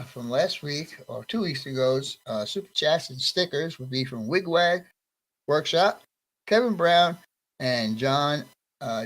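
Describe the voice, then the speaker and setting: Over a rough recording, a man running a casual live stream says hello to each viewer in chat by name, friendly and relaxed. His voice is mid-range and a bit bright.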